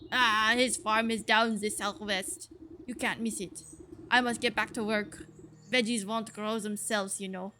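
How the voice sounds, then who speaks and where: A woman's voice: sits high, animated, very fast, fairly bright tone, slight background noise. A woman voicing a competitive vegetable farmer creature in a throaty mock French accent. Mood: suspicious.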